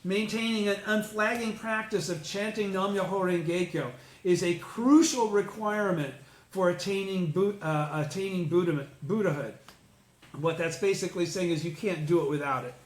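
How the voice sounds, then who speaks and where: A man's voice: high voice, moderate pace. A man leading an informal religious study group, explaining a text, checking in with listeners and swearing casually. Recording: roomy echo.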